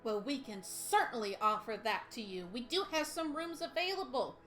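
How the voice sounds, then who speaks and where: A woman's voice: fairly high pitch, lively intonation, moderate pace, music in the background, lightly acted. A woman voicing a friendly middle-aged innkeeper with a put-on Southern accent and a folksy, drawling manner. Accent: American Southern, put on. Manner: warm folksy hospitality, drawling.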